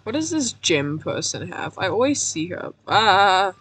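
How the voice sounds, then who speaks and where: A woman streaming a game, her voice going hoarse, rambling in a self-mocking way, cracking puns and laughing at herself. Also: lowish voice, big pitch swings, moderate pace, soft background music. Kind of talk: casual let's-play commentary.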